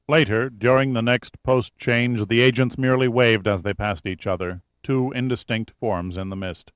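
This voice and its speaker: A man narrating a thriller audiobook in a measured, even manner. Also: mid-range voice, clear, resonant tone, no echo. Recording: dull, dry studio recording.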